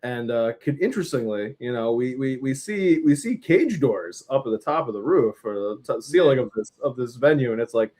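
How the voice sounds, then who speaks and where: A man's voice: medium pitch, lively intonation, moderate pace, hardly any pauses, mellow. A man co-hosting a casual film review, animatedly retelling scenes and laughing along the way.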